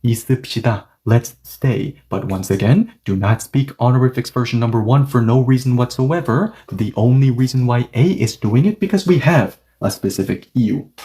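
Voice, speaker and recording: A man's voice: mid-range voice, animated, moderate pace, few pauses, dark tone. A man teaching a language grammar lesson, patiently repeating and restating each point and reading example sentences aloud at several speeds.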